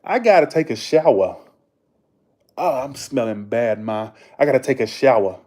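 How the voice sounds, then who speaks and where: A man putting on a loud Massachusetts guy yelling for ma. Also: medium pitch, expressive, normal speed, close to an everyday voice. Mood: hollering. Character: bossy Massachusetts guy hollering at his ma.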